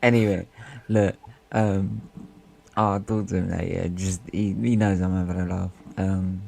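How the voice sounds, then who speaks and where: A man with a very low voice hosts a casual football stream. He chats loosely and keeps teasing the others in good fun. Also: little pitch movement, measured pace, vocal fry, darkish tone, a little hiss or hum. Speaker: stream host. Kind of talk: casual football fan banter.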